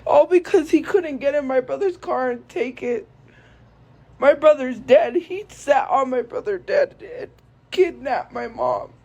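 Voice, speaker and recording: A young woman streamer speaking to viewers in a tearful, halting way, grief-stricken and repeating herself. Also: high-pitched, lively intonation, darkish tone, low-quality recording. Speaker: live streamer. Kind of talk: emotional monologue to viewers.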